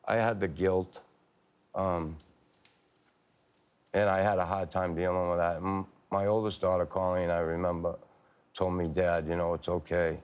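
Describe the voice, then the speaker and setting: Low-voiced man in his fifties, ex-athlete guest, hesitant and candid. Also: flat delivery, clear, resonant tone. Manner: halting, many fillers and restarts. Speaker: guest, former hockey player. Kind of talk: candid interview storytelling. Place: TV studio.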